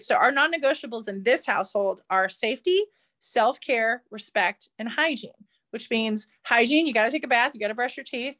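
A woman's voice: fairly high pitch, fairly bright tone. A woman hosting a casual interview, confidently explaining with examples from home. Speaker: podcast host and parent.

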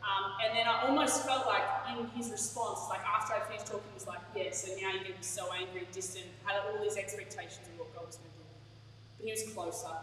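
A woman's voice: medium pitch, steady tone, fast, fairly bright tone, a little hiss or hum. Chatty woman preaching in a hall. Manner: candid, chatty, laughs at herself. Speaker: pastor. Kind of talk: sermon. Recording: echoey hall, from far off.

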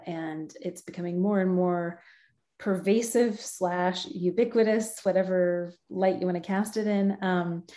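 A woman's voice: on the low side, dark tone. A middle-aged woman from the United States answering interview questions in a friendly, thoughtful way, laughing often. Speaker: guest, localization professional.

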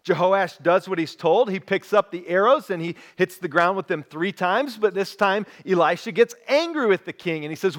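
A man preaching a sermon, telling a story with lively acted-out voices. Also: high voice, normal speed, few pauses. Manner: animated storytelling, acts out quoted voices. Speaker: pastor.

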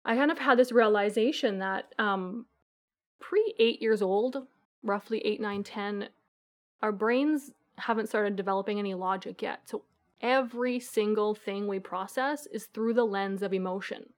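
A woman coach giving an earnest, animated answer in a podcast interview, acting out the voices of her clients. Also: medium pitch, a little slow. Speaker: guest coach.

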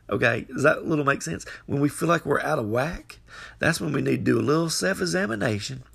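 A man's voice: mid-range voice, vocal fry, fairly bright tone, husky. A man giving an earnest, folksy devotional sermon into his phone microphone. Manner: earnest, folksy, repeats phrases, exclaims hallelujah. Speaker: podcast preacher.

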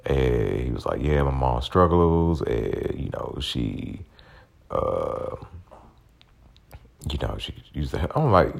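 A man's voice: rumbling low, big pitch swings, slow pace, vocal fry, long pauses. A man in his forties hosting a podcast, ranting bluntly with plenty of swearing. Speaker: podcast host. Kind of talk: casual profane rant.

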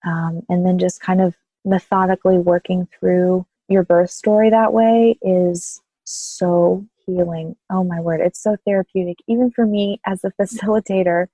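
A woman postpartum doula speaking thoughtfully and gently in an interview, with soft laughs. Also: lowish voice, fairly even intonation, moderate pace, hardly any pauses, no echo, poor audio. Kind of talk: interview conversation.

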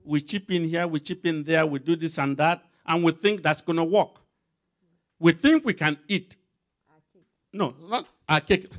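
A man's voice: a little high, lively intonation, normal speed. A man preaching a sermon with emphatic, rising and falling delivery, calling out scripture references for a reader to read aloud.

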